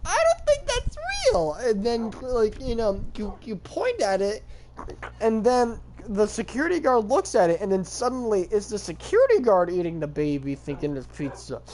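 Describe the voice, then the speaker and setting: A young man with a fairly high voice rambles through a profane, absurd story on a home stream. He talks fast and loose and jumps into high yelps whenever he acts out a line. A faint hiss sits under the desk mic. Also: sing-song, darkish tone, poor audio.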